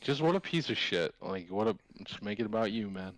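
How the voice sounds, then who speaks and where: A man's voice: on the low side, animated, fairly quick, dry recording. A man on a sports betting podcast, talking bluntly and crudely in a dismissive tone. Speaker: podcast co-host. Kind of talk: casual sports chat.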